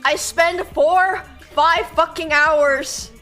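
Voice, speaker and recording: A young woman streamer telling a story casually and animatedly, swearing and acting out shouts. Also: extremely high pitch, fairly even intonation, extremely slow, soft background music.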